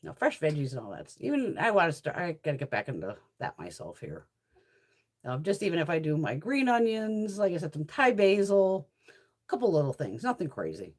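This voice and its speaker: This beauty vlogger, a middle-aged woman, has a deep voice and talks a little fast. Her casual chit-chat is lively storytelling, peppered with swearing and plenty of laughs.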